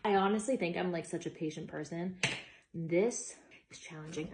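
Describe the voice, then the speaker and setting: A young woman talks her way through building furniture at home, chatty and openly exasperated, tossing in the odd swear word. Her pitch sits in a middle range for a woman, and clear clicking and tool noises run behind her voice. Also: lively intonation, normal speed, background noise. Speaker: vlogger. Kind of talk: casual chat while assembling furniture.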